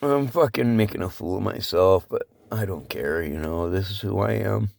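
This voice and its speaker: Tearful male vlogger, low gravelly voice that cracks, rambling and cursing. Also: normal speed, darkish tone, no echo, studio quality. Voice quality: voice cracking, breaking into high pitch. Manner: swearing, rambling, heartfelt. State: crying. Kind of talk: emotional casual vlog talk.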